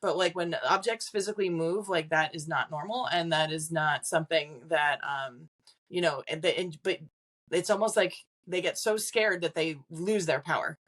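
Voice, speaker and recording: Chatty low-voiced woman medium. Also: moderate pace, fairly bright tone. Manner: chatty, acts out quoted voices, frequent "like" fillers; laughs between points. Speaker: psychic medium guest. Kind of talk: casual podcast interview.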